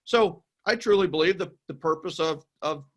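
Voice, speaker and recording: A man's voice: on the high side, normal speed, fairly bright tone. A man hosting a podcast interview, talking in an enthusiastic, emphatic way and repeating his points. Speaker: podcast host. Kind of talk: casual interview chat.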